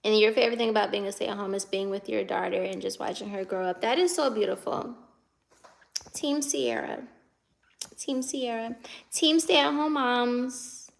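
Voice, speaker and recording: A woman's voice: mid-range voice, fairly quick, vocal fry, hardly any pauses. A woman in her twenties from the United States, chatting casually on a live stream and answering viewer comments as she reads them, laughing often. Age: 20s.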